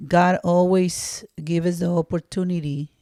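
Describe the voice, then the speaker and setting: Deep-voiced, sincere prayerful woman. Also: steady tone, dark tone, no room sound, studio quality. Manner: sincere, prayerful, slightly halting. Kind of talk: heartfelt encouragement.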